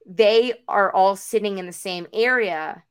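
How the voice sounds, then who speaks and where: A young woman co-hosting a podcast, telling a long story in casual chat, full of "like" and acting out everyone's lines with big jumps in pitch. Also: unhurried, clear, resonant tone. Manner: animated, acts out quotes with big pitch jumps; peppered with "like" and casual swearing. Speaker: podcast co-host.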